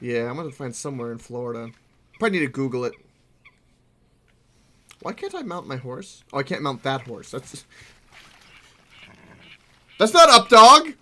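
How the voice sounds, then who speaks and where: A young man giving playful, excitable commentary while playing a game and answering his chat. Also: mid-range voice, a little fast, pauses often. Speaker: gaming streamer. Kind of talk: casual gameplay commentary.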